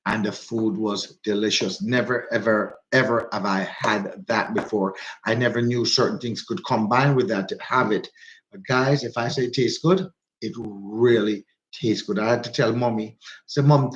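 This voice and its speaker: A man's voice: on the low side, steady tone, normal speed, slight background noise, rough recording. A man with a Jamaican accent hosting a casual live chat with viewers, rambling and repeating himself for emphasis. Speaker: livestream host.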